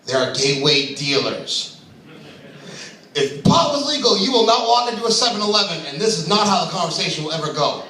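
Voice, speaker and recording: Brash, crude male open mic comic, high lively voice; far-off mic, very echoey room. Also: fairly quick. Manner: crude, brash, laughs at his own jokes. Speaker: stand-up comedian. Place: comedy club stage.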